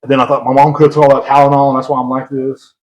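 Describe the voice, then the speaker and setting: A man's voice: mid-range voice, little pitch movement, very fast, darkish tone. A young man co-hosting a podcast, telling a long story in a rambling, self-mocking way and laughing often. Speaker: podcast co-host. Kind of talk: casual storytelling chat. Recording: roomy echo.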